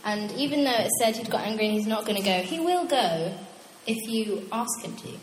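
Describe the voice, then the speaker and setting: A young woman preaching a casual, animated sermon, chatty and quick to laugh at her own asides. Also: a little high, a little hiss or hum. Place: church hall. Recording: echoey hall with long reverb.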